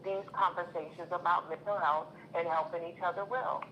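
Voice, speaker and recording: A woman's voice: lowish voice, fairly even intonation, moderate pace, a bit bright, muffled recording, a little hiss or hum. A woman calling in to a casual chat show, speaking earnestly and at length in an encouraging way. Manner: long-winded, earnest, encouraging. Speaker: caller.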